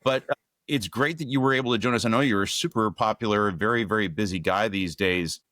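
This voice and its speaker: A middle-aged man hosting a podcast with an upbeat, friendly manner. His voice sits fairly low for a man. The recording is dry and close. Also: fairly quick, a bit bright, dry recording. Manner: upbeat, scripted intro then friendly chat. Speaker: podcast host.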